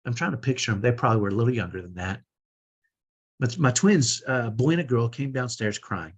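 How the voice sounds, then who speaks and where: A man's voice: mid-range voice, brisk. A man coaching parents, telling a personal story in an earnest, conversational way with many restarts. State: sore shoulder. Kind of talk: teaching talk with personal stories.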